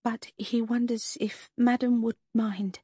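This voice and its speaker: A woman's voice: on the high side, little pitch movement, slow pace, dark tone, slightly rough, no echo, studio quality, voice pushed up. A woman voicing a hesitant, apologetic young waitress in an audiobook. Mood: sheepish.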